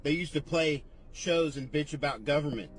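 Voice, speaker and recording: A man's voice: fairly high pitch, normal speed. A man ranting cynically and profanely in a played clip. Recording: loud music behind the voice.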